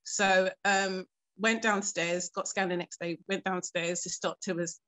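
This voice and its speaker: A woman telling a painful personal story in a documentary interview, earnest and composed, pausing often with fillers. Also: on the low side, flat delivery, a bit bright. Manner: earnest, halting storytelling with frequent pauses and fillers; keeps her composure while recounting something painful.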